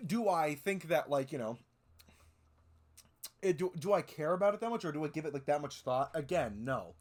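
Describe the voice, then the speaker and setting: He's a twenty-something streamer reacting to videos, rambling in casual chat laced with swearing and fillers. The pitch is fairly high, the delivery expressive, the speed normal.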